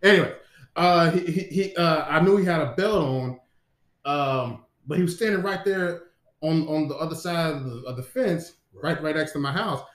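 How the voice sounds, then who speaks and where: A podcast co-host rambles through a long dream story in casual chat, restarting often and cursing freely. His voice is a little high and fairly bright at a moderate pace, and the room is echoey.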